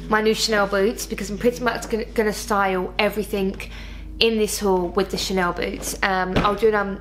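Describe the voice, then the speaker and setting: A woman's voice: medium pitch, rough recording. A woman with a noticeable lisp, chatting self-consciously through a casual fashion haul video. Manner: chatty, self-conscious about her speech. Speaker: fashion YouTuber. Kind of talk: casual haul vlog chat.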